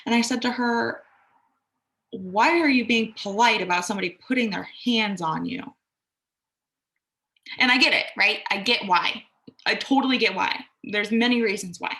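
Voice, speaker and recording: A woman's voice: a little high, normal speed, pauses often, sharp tone. A young adult woman giving a reflective, casual self-care talk, candid and conversational, who swears now and then and acts out quoted voices. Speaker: astrology and self-care podcaster.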